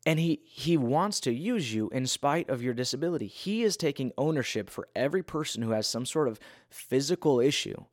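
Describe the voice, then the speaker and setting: A man's voice: mid-range voice, expressive, brisk, dry recording, studio quality. A man giving a casual, earnest Bible talk in a conversational, self-deprecating way.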